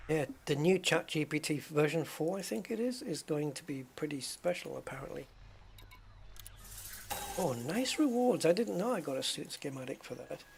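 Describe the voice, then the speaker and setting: A man's voice: on the high side, vocal fry, slightly rough. A man chatting casually to his viewers while playing a game, rambling from topic to topic. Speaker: gaming streamer. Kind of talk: casual livestream chat while gaming.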